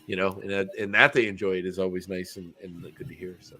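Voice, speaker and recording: A man's voice: low-pitched, steady tone, fast, bright, forceful tone, a little hiss or hum. A young adult man co-hosting a podcast, talking in a casual, rambling, self-mocking joking way. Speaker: podcast co-host.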